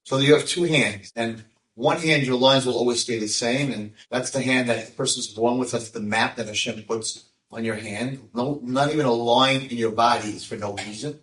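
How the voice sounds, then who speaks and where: An older man, a rabbi, tells a story to an audience in an animated way and acts out the voices of the people in it. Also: medium pitch, normal speed. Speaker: rabbi giving a talk. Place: lecture room with audience. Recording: echoey room, mic at a distance.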